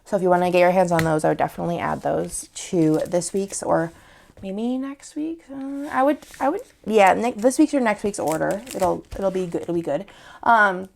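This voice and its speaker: Sick-sounding woman with a gravelly voice. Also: lowish voice, brisk, slight background noise. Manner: rambling, heavy on fillers. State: sore throat, sick voice. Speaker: shop owner showing new products. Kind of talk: casual product showcase.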